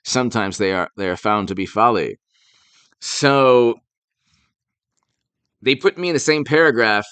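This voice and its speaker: A man's voice: mid-range voice, measured pace, long pauses, a bit bright, clear, resonant tone, dry recording. A man doing a casual political live stream, rambling and sarcastic, stopping to thank viewers who send donations. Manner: rambling, sarcastic, thanks super chat donors mid-talk.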